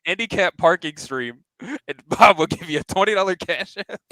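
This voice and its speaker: A man's voice: sits high, animated, pushed and bright, no echo. A man on a casual panel call, telling exaggerated hypothetical stories to tease the host. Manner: rapid, teasing, exaggerated storytelling with laughs. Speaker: panel guest.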